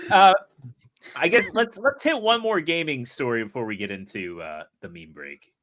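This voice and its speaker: A man's voice: on the high side, expressive, unhurried, pauses often, a bit bright. A man hosting a casual podcast chat, often stumbling and repeating his words as he talks. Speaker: podcast host.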